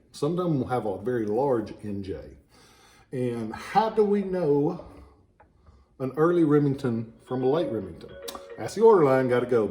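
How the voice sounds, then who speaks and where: A relic dealer with a Southern US accent talks in a warm, dark, mellow voice at a middling pitch. He is chatty and wanders off on tangents, his sinuses a little stuffed up. He speaks from a small office. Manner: chatty and digressive. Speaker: relic dealer and shop owner. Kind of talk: informal product talk.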